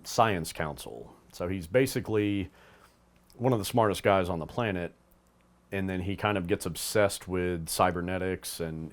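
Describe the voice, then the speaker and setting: A man co-hosting, talking casually about a cartoon and its toys, rambling with fillers and restarts. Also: low-pitched. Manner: rambling, with fillers and restarts, acts out bits of dialogue.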